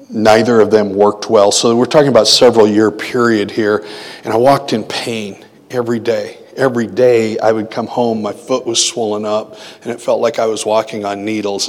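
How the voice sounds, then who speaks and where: A man preaching a sermon, telling a personal story in a conversational way and slowing down to stress quoted words. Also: fairly low pitch, a bit bright. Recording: long hall reverb.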